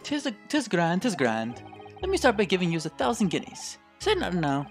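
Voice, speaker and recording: Man doing a boastful rich Irish fella, put-on Irish accent, loud, jovial, animated. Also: high voice, fairly quick, faint music behind, heavily acted. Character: boastful wealthy Irish male defendant.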